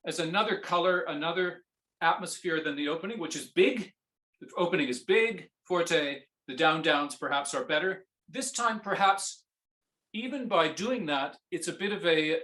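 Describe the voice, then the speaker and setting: In a masterclass, a man coaches a viola student, singing phrases on nonsense syllables and posing gentle questions. His voice is fairly high, and the sound is roomy.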